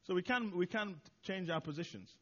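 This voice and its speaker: A man with a slightly high voice reflects on the sermon, halting often with "uh"s and restarting his sentences. He pokes fun at himself as he talks it through. The recording sounds dull and lo-fi. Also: sharp tone. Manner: hesitant, with many "uh"s and restarts, self-deprecating. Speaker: church leader responding to the sermon. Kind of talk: informal reflection after a sermon.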